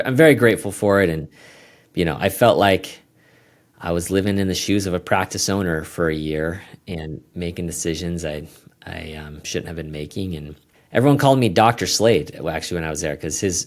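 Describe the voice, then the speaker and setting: A man's voice: sits low, brisk. A man speaking as a guest accountant in a casual, rambling interview, often restarting his sentences. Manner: rambling, self-correcting, plain-spoken.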